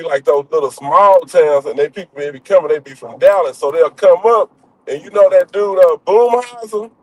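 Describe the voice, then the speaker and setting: A man's voice: a little high, no echo, poor audio. A young man, chatting and joking loosely, full of slang and fillers. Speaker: streamer. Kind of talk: casual storytelling chat.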